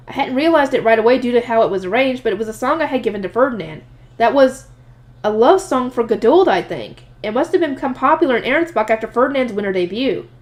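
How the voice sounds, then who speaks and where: A woman narrates a light novel aloud at a quick pace. Her voice sits a bit high. She reads expressively and voices the narrator's private thoughts with feeling. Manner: lively, expressive reading with voiced asides. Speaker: audiobook reader.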